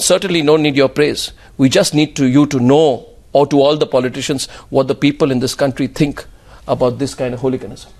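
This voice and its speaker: A man with an Indian English accent moderates a heated TV news debate at a rapid clip, his voice sitting high for a man. He cuts in constantly, repeating phrases insistently until he gets the floor.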